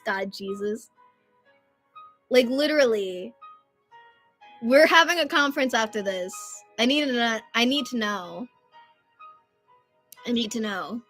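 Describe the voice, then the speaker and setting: A young woman in her twenties hosts a casual live stream, chatting and rambling through stories and getting loud at times. Her voice is fairly high and very bright. Soft music plays quietly behind her.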